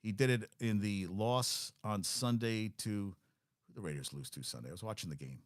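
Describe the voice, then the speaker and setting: A man's voice: lowish voice, normal speed, no room sound, studio quality. A man hosting a casual sports talk show, rattling off statistics with blunt, wry asides.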